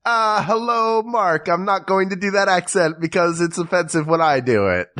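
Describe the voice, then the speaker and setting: A man co-hosting a comedy podcast, playful and quick with mock-serious jokes. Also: on the high side, lively intonation, fairly bright tone. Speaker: podcast co-host.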